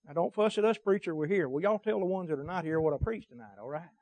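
High-voiced preacher, dry sound. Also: male voice, fast talker, darkish tone, no echo. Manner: emphatic cadenced preaching, swelling and dropping volume. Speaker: pastor. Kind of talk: sermon. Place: church service.

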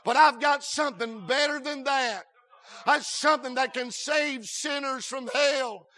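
A man preaching a sermon as pastor, with a shouting, sing-song cadence and many "uh" fillers and stammered restarts. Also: very high-pitched, a little slow.

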